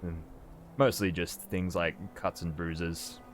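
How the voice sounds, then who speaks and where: A man narrating as game master for a tabletop role-playing game, relaxed and hesitant with frequent fillers. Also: low voice, slow pace. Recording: faint background noise.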